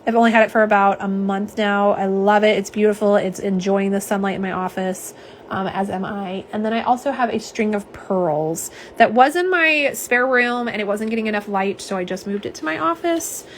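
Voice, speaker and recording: Woman, young, mid-pitch, chatty live-stream host; faint noise underneath. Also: normal speed. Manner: chatty and warm, lots of fillers and asides. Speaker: nail polish swatcher. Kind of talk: live-stream chat, reading viewer comments. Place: home office.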